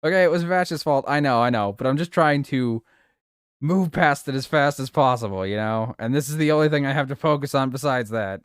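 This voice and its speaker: Dude streamer goofing around with chat, lots of giggles, swears, pretty dry mic sound. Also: male voice, medium pitch, a little fast, clean tone, no room sound. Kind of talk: casual live-stream chat.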